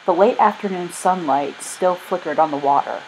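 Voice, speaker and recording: A woman narrating a children's storybook in a gentle, steady reading voice. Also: lowish voice, normal speed, slight background noise, low-quality recording. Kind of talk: storybook read-aloud.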